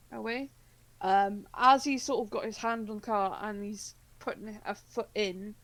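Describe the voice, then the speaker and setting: A woman's voice: mid-range voice, low-quality recording. Woman game master, chatty, loose narration full of "um" and "sort of". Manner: rambling, filler-heavy narration. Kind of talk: narrating a tabletop horror game.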